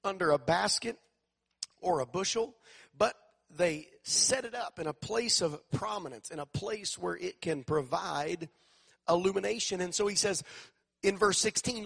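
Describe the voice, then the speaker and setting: Gravelly-voiced man preaching emphatically. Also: high-pitched, a bit bright. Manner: emphatic, call-and-response preaching with repeated phrases. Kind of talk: sermon.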